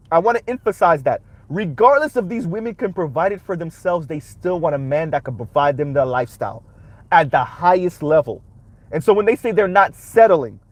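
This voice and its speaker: A man's voice: high-pitched, dry recording. A man hosting a reaction commentary, talking emphatically and punctuating his points with rhetorical "right?"s. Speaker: commentary channel host.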